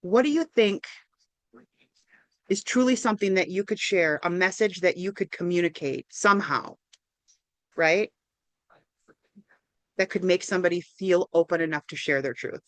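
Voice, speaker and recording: Over a video call, a woman counselor runs an interactive online workshop at normal speed, leaving long pauses. Her voice is lowish and the sound has no room tone. She stays upbeat and encouraging, frequently asking "right?".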